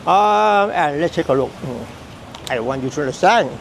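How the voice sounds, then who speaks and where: High, gravelly man. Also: expressive, a little hiss or hum, rough recording. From Thailand. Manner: repetitive, halting, emphatic phrasing. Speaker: Buddhist teacher. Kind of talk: dharma teaching.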